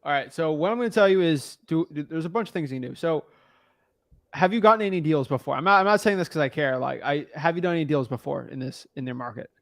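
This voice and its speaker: Blunt, slangy man coaching, higher voice. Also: fast, creaky, a bit bright, no echo, studio quality. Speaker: real estate wholesaling coach. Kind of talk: casual coaching call.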